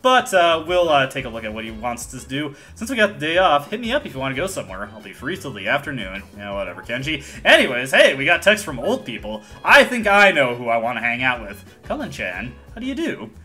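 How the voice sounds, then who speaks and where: A man's voice: mid-range voice, sing-song, fast talker, hardly any pauses, bright, forceful tone, soft background music. An American man hosting a let's play, casually explaining game mechanics with wry asides. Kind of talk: video game commentary.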